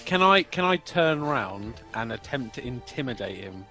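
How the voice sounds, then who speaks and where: A man playing a tabletop game, making quick, assertive suggestions. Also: mid-range voice, big pitch swings, music in the background. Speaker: player. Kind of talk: casual chat.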